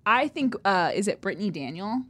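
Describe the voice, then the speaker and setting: A woman's voice: medium pitch, sing-song, fairly quick, a bit bright. A woman co-hosting a casual chat, enthusiastic and eager. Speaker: podcast co-host.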